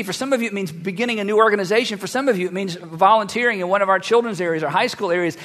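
A male pastor preaching a sermon, acting out the Bible dialogue and swinging from hushed asides to loud, animated bursts. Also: high voice, long reverb tail.

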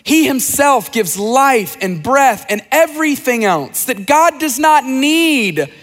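Animated male pastor preaching in a reverberant hall. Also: very high-pitched, slow pace. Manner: animated preaching, rhetorical questions, voices the characters. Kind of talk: sermon. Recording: long reverb of a large hall.

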